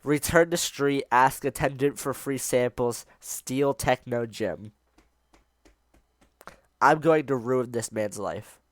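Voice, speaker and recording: Man reading a text game aloud, excitable and self-mocking, mid-pitched, dry close sound. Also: takes it slowly, no room sound. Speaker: YouTuber playing a text adventure.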